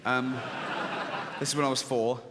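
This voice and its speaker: A middle-aged man doing stand-up comedy, deadpan and swearing, acting out squeaky voices in a theater. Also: moderate pace, long reverb tail, background noise. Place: large theater with audience. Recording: live theater, audience laughter.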